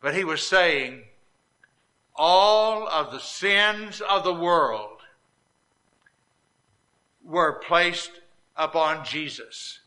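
A man preaching a sermon, reading scripture slowly and deliberately and lifting his voice on the quoted lines. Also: lively intonation, sharp tone. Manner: reads scripture slowly, rising in pitch and volume on quoted lines; drawn-out, deliberate delivery.

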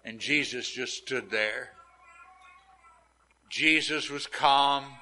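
A man's voice: medium pitch, drawn-out words, sharp tone, low-quality recording. A man preaching a sermon who retells scripture emphatically and acts out the quotes. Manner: dramatic, emphatic storytelling with acted quotes.

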